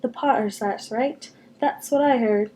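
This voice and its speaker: A woman voicing an excited stranger in a cloak passing on gossip, in a storybook reading. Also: fairly high pitch, measured pace, a little hiss or hum, close to an everyday voice.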